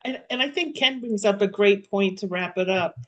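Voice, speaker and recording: A woman's voice: mid-range voice, moderate pace, fairly bright tone, dull audio. A woman in a webinar discussion, candid and self-deprecating, urging listeners to be direct. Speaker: webinar participant.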